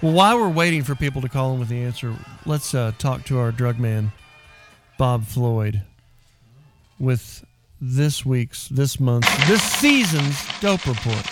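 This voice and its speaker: A man's voice: medium pitch, unhurried, music in the background. A man hosting a weekend radio show in a loose, joking, rambling way. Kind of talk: casual radio chat.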